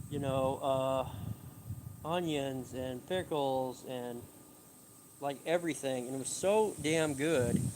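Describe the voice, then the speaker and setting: A man's voice: mid-range voice, background noise. A middle-aged man chatting casually and rambling on a live stream from his yard, swearing offhandedly. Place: outdoors at home, rural yard.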